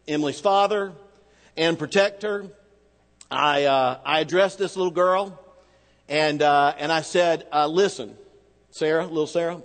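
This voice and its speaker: A man preaching a sermon, telling a personal story in a conversational way and slowing down hard for emphasis. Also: fairly high pitch, long reverb tail. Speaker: pastor.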